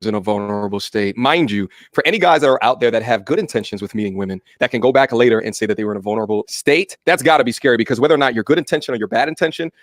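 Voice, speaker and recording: A man's voice: mid-range voice, very fast, few pauses, no echo, clean studio sound. A man commenting on a video clip, blunt and approving. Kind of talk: casual reaction commentary.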